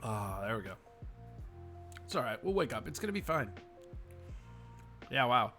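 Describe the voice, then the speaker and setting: A man's voice: mid-range voice, big pitch swings, moderate pace, long pauses, sharp tone, faint music behind. Blunt, profane man reading stream chat. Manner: frequent yawning and sighing. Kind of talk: casual livestream chat.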